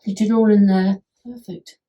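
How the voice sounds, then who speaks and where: A woman's voice: mid-range voice, steady tone, moderate pace, lo-fi sound. A woman at home, chatting enthusiastically about work done on her house, often restarting her sentences. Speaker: homeowner giving a testimonial. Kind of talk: casual chat. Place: at home indoors.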